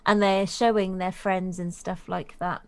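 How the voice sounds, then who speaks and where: A woman's voice: on the low side, flat delivery, measured pace, smooth. A middle-aged woman co-hosting a casual chat, plain-spoken and agreeable.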